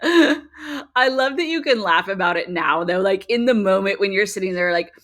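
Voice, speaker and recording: A woman's voice: medium pitch, animated, normal speed, fairly bright tone. A middle-aged woman hosting a podcast in casual chat, laughing often and acting out quotes. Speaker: podcast host.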